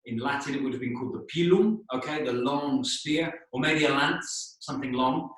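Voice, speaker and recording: A man teaching English, telling a story for learners, explaining slowly, spelling out words and checking in with "okay?". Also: medium pitch, a bit bright. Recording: echoey room, voice a bit distant.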